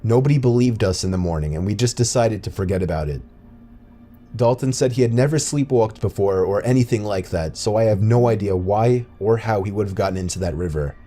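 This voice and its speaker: A man narrating a true scary story in a steady, scripted storytelling delivery. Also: on the low side, a little fast.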